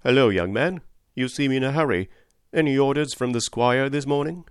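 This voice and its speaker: A man playing a brisk, hearty brickmaker. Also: medium pitch, smooth, no room sound, clean studio sound, pitched above the performer's own voice, close to an everyday voice. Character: brisk, decent male master brickmaker. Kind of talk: audiobook character reading.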